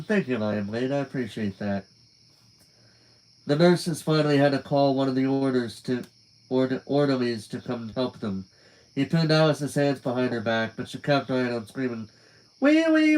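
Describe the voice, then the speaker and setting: Reading a novel aloud for a live stream audience, a man speaks casually and conversationally, drifting off at phrase ends and pausing to chat with viewers. The recording is low quality, and his medium-pitched voice is a little mellow.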